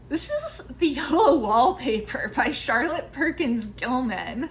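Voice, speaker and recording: A woman in her thirties chatting casually in a book vlog, self-mocking and full of quick asides. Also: high voice, big pitch swings, a little hiss or hum, poor audio. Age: 30s. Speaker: book vlogger.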